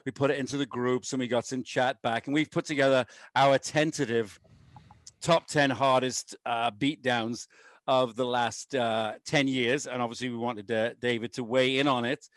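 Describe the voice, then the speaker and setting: A man's voice: medium pitch, fairly even intonation, normal speed, fairly bright tone, no echo. A man co-hosting a podcast in loose, rambling, self-mocking chat, talking while on painkillers after having his wisdom teeth out. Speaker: podcast co-host, race director.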